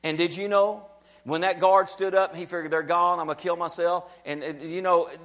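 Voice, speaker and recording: A pastor preaching a sermon to a small church congregation, emphatic and repetitive, building up to shouted lines. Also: male voice, high voice, steady tone, normal speed. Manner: emphatic preaching, repeating phrases, rising to shouts.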